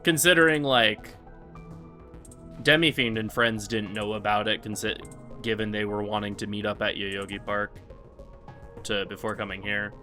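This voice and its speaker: A man's voice: lowish voice, fairly even intonation, normal speed, pauses often, pushed and bright, faint music behind. A man casually commenting on his live-streamed game speedrun, rambling with lots of fillers.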